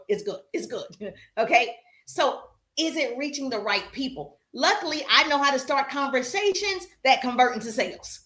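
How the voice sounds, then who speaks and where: Southern female sales coach, animated and direct, echoey room. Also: high voice. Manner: animated, chatty, addresses audience directly. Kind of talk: live-stream coaching talk.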